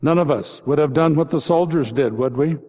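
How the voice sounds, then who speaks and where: A man's voice: a little high, fairly quick, warm tone. A man preaching a Good Friday sermon as a pastor, reflective and posing repeated rhetorical questions. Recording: long reverb.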